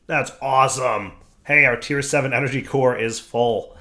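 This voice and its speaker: A man's voice: medium pitch, animated, unhurried, creaky, sharp tone. A man hosting a gameplay series in casual commentary, his voice still slightly sick, chatting to viewers and to his machines. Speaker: let's play host.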